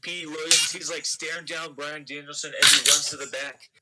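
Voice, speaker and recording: A man's voice: on the high side, little pitch movement, a little fast, very noisy. A man co-hosting a casual game commentary, talking loosely, swearing and restarting his sentences. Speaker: let's play co-host.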